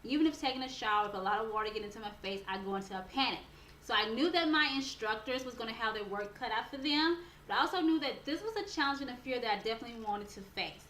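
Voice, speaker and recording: A woman life coach telling a personal story in a motivational talk, earnest and animated, building toward a preaching close. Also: fairly high pitch, fast, a little hiss or hum. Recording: roomy echo with faint background ambience.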